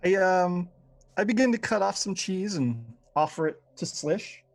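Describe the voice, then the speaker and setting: A man's voice: high voice, measured pace, vocal fry. A man playing in a tabletop game, easygoing and a little sly. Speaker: player. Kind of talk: casual tabletop play.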